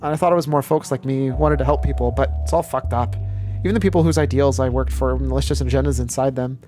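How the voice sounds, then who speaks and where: A man's voice: mid-range voice, steady tone, fast talker, mellow, lightly acted. A man voicing a disillusioned young witch woman in a subdued, earnest read. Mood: glum. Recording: faint music behind.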